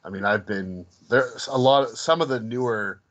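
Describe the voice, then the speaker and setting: A man's voice: medium pitch, normal speed, fairly bright tone, poor audio. Hesitant man chatting on a podcast. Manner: hesitant, restarts often. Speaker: podcast co-host. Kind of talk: casual podcast chat.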